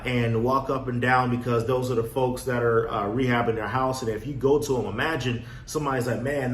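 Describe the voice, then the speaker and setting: A man coaching on real estate wholesaling in a casual motivational talk, acting out his own past with lively energy. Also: mid-range voice. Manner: animated storyteller, acts out his younger self. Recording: echoey room, faint background noise.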